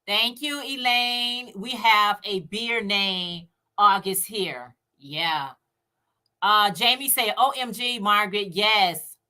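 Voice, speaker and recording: Slow-talking, bright Chicago woman. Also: medium pitch. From United States. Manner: chatty, laughs often, talks to viewers directly. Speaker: co-host filling in on a livestream. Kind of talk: casual livestream chat, reading viewer comments.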